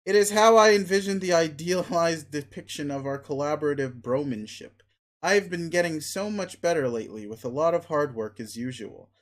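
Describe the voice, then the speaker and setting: A man reading aloud as a bossy, vicious young alien male, blunt and sneering, in a slightly high voice that stays close to a plain reading voice. He lays out demands in a pushy way. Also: moderate pace, close to an everyday voice. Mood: domineering.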